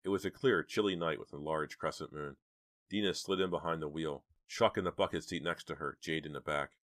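A man narrating an audiobook in a measured, steady way. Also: very deep voice, no room sound, studio quality.

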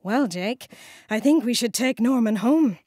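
A kindly grown-up man, calm and reassuring as he guides the little ones, as a woman reader plays him. His voice is soft and unhurried, sitting near the reader's own tone. Every line sounds patient and gently in charge. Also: on the high side, slightly rough, no echo, studio quality. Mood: gentle. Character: kindly grown-up man who looks after the children.

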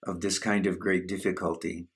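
A man leads a satsang, his words unhurried and contemplative as he guides listeners through self-inquiry. His voice sits very low and carries a husky grain. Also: level tone. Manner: slow, measured, contemplative. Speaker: spiritual teacher.

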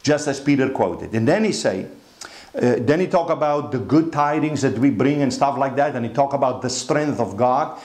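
A man's voice: mid-range voice, expressive, normal speed, darkish tone, reverberant. A pastor giving a sermon, reading scripture aloud and explaining it, often restarting his words. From Africa. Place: church hall.

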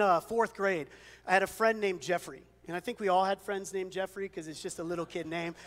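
A man's voice: sits high, in a large hall. A male pastor preaching a sermon, telling stories in a conversational way with self-deprecating humor. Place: church sanctuary.

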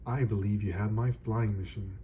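A man's voice: on the low side, fairly even intonation, normal speed, mellow, a little hiss or hum, lightly acted. A man voicing a dreamy, adventurous bear recalling flights, in a read-aloud storybook.

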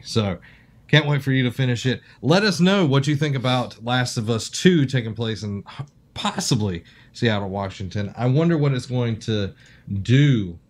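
A man co-hosting a casual podcast, joking around and reading ad copy loosely. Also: lowish voice. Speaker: podcast co-host.

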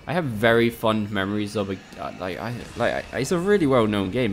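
A man's voice: lowish voice, expressive, a little fast, few pauses, faint music behind. A man casually commentating a live game stream, chatting with viewers, swearing often and joking sarcastically. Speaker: gaming streamer.

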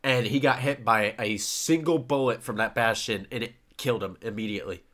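A man from the United States hosting a podcast, telling stories in an animated way and swearing freely. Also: medium pitch, brisk. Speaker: podcast host. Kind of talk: casual podcast chat.

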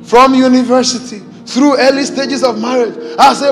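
A Nigerian man with a high voice preaches with exuberant, exclaiming energy and jokes with the congregation. His voice rings through a large hall with a long echo, and soft music sits beneath it. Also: steady tone, normal speed, few pauses. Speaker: pastor. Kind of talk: preaching a sermon. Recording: hall reverb with faint music.

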